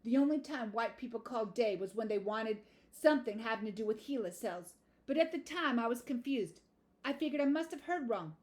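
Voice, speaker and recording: A woman narrating a first-person audiobook in a measured, plain delivery. Her voice sits a little high for a woman. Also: lively intonation, darkish tone.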